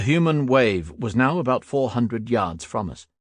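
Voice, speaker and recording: A man narrating a first-person war memoir audiobook in a steady, grave manner. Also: mid-range voice, a little slow, slightly rough, no room sound, clean studio sound.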